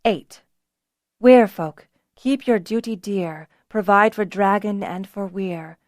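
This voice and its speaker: A woman reading a fantasy novel aloud as an audiobook narrator, measured and even. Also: medium pitch, dry recording, clean studio sound.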